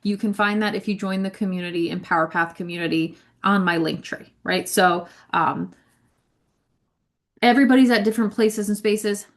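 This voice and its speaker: A woman's voice: medium pitch, moderate pace. A woman who leads a ministry, giving a casual spiritual teaching talk, chatty and repetitive, often checking in with "right?". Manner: conversational, frequent "right?" and "like", repeats words. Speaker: ministry leader.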